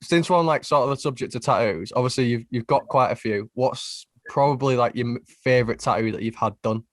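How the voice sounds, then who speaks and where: A young man co-hosts a podcast and asks a guest casual questions, stopping to rephrase them. His voice is mid-pitched and dry, recorded close with no room echo. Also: a little fast. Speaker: podcast co-host. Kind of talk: casual interview.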